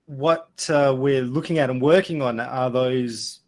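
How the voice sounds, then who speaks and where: A man's voice: mid-range voice, a little slow. Man, Adelaide Australian accent, middle-aged, casual webinar talk, lots of ums and uhs, video call. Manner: relaxed, anecdotal, with frequent fillers. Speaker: guest speaker.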